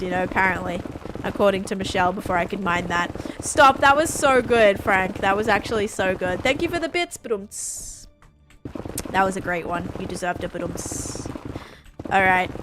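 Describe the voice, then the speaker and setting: A woman's voice: mid-range voice, background noise. A woman streaming live and chatting casually with viewers, talking in a loose, chatty way with many fillers and restarts and a non-American English accent.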